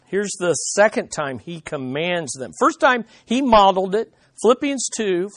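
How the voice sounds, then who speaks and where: A pastor delivers a sermon with a mid-pitched voice, recorded dry with almost no room sound. The delivery is conversational yet emphatic, with key lines repeated for stress and questions put straight to the listeners. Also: animated, unhurried, no room sound.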